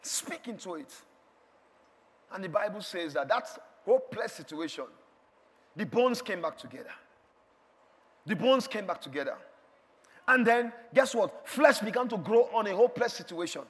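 A man preaching a sermon, emphatic, repeating lines and shouting some of them in a large church hall. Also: high-pitched, expressive, moderate pace, long pauses. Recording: long hall reverb.

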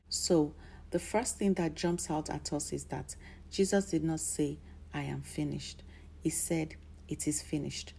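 A woman's voice: sits low, mellow, slight background noise. A woman preaching a sermon in a declarative style, building to emphatic bursts.

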